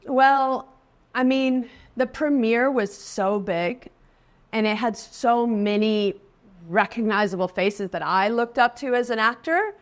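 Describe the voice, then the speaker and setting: A woman's voice: a little high, slow. A woman in her forties, a guest actress in a casual interview, who talks in a chatty way, laughs often and lifts her voice when quoting people. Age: 40s.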